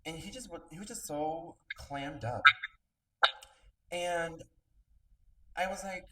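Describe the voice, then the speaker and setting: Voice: mid-range voice, slow pace, long pauses. A podcast host in casual interview chat, telling stories animatedly and acting out quotes. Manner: animated storytelling, acts out quotes. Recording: roomy, distant mic, noisy background.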